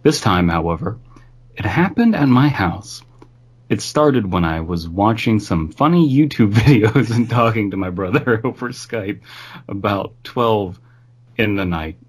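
A man's voice: fairly low pitch, expressive, a little slow, breathy edge. A man reading a creepy story aloud in an offhand, amused way, stopping to comment on it.

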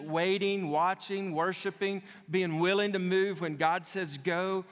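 A man's voice: on the high side, fairly bright tone. A man preaching a sermon as pastor, repeating key phrases for emphasis with conversational asides to his congregation. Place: church sanctuary. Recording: long hall reverb.

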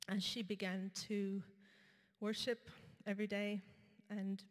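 A woman preaching a sermon, telling a personal story in a conversational way with frequent pauses and fillers. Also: medium pitch, little pitch movement. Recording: reverberant hall.

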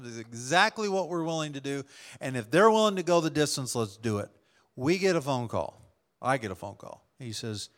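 A man preaching as a pastor, telling a testimony story to his congregation, acting out the people he quotes. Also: medium pitch. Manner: storytelling, animated, acts out quoted dialogue with laughs. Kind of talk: sermon testimony.

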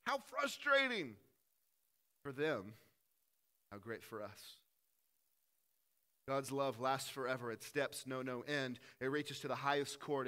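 A male pastor preaching with an animated delivery. His voice is bright and a little high for a man, and it rises and falls between loud emphatic lines and hushed, earnest ones. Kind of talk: sermon.

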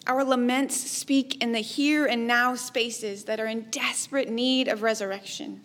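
Slow, reflective woman preaching. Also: a little high, fairly even intonation. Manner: slow, measured, reflective delivery with soft trailing endings. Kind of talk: sermon.

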